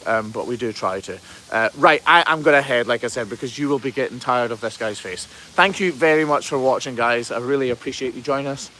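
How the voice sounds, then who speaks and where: A man's voice: medium pitch, a little fast, sharp tone, slight background noise. A man hosting a livestream outdoors on a farm, chatting casually as he reads viewer comments and answers them. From Scotland. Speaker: hoof trimmer hosting a livestream.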